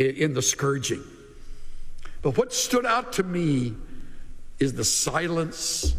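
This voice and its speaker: A man preaching a sermon as pastor, slow and measured, with dramatic pauses and emphasis that drops at the ends of lines. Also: on the high side, fairly bright tone, long reverb tail.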